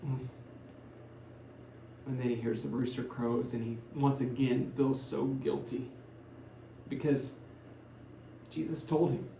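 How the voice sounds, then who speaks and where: Man, pastor, conversational sermon storytelling, shifts between loud and hushed, echoey church, faint hum. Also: medium pitch, little pitch movement, slow pace, vocal fry, pauses often. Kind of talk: sermon retelling a Bible story. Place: church sanctuary.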